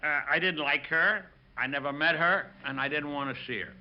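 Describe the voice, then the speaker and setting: A man's voice: fairly high pitch, normal speed, slight background noise. Older man telling film stories, lo-fi. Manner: lively storyteller acting out quotes. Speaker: film director. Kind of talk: interview recollection.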